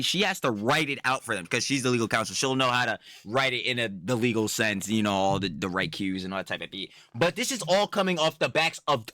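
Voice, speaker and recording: A man's voice: medium pitch, bright, forceful tone, no echo, clean studio sound. A man doing casual reaction commentary, ranting in a profane, rambling, slangy way. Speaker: commentary YouTuber.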